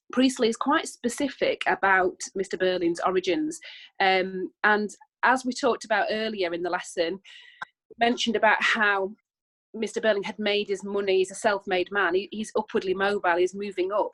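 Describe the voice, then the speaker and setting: A British woman teaching English, talking her class through a play in a chatty, explanatory way. She fills pauses with ums, corrects herself as she goes, and speaks at an everyday middle pitch. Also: a bit bright, low-quality recording. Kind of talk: recorded online lesson discussion.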